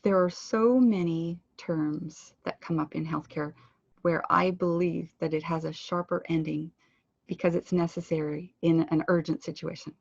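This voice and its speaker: Canadian woman, pronunciation teacher, husky voice, dry close sound, clear drilled delivery. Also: lowish voice, fairly even intonation, moderate pace, dry recording, muffled recording. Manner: clear instructive delivery, drawing out words for drill. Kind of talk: web conference lesson.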